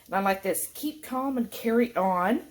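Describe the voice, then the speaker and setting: A woman's voice: mid-range voice, lively intonation, normal speed, slight background noise. A woman, chatting casually to her viewers in a food vlog at home. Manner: chatty, folksy, warmly addresses viewers as y'all. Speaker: keto food vlogger.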